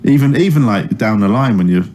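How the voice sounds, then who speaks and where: A man's voice: lowish voice, expressive, brisk, a little mellow. A comedian in his thirties, a man chatting casually in an interview, telling stories with lots of fillers and restarts. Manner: rambling storyteller with many fillers and restarts. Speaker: comedian guest. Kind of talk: casual anecdotal chat.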